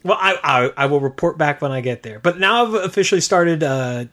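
A man's voice: on the high side, fairly quick. A man co-hosting a casual podcast chat who talks with eager enthusiasm. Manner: enthusiastic, excitable. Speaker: podcast co-host.

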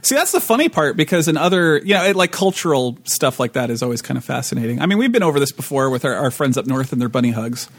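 A man's voice: mid-range voice, sing-song, quick pace, few pauses, dry recording. A man co-hosting a tabletop gaming podcast, chatting casually, rambling with restarts and laughing often. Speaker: podcast co-host. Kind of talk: casual chat.

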